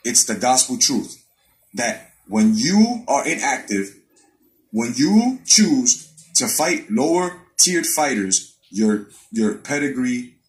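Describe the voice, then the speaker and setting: A man hosting a live boxing stream in a heated, swear-laden rant. His pitch sits in the middle range for a man, and he circles back over and over to drive each point home. He sounds like he is talking straight into a webcam mic. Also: big pitch swings, slow, low-quality recording. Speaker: boxing commentary host.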